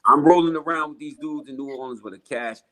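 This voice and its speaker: A man's voice: on the high side, fast talker, slight background noise. Blunt, profane New man. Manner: blunt, profane, animated storyteller. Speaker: rapper guest. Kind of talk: casual storytelling interview.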